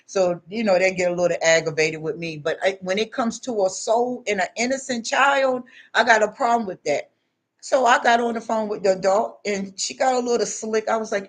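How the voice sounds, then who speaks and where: A woman's voice: mid-range voice, moderate pace. A woman talking straight to camera in a casual vlog, telling stories bluntly and preaching in emphatic asides. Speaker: spiritual vlogger.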